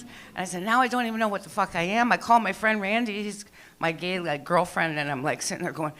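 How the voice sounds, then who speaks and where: Bright-voiced middle-aged woman doing stand-up. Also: mid-range voice, lively intonation, brisk. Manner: chatty, rambling, swears, acts out quoted people. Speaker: stand-up comedian. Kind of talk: open-mic stand-up storytelling. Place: small comedy club stage.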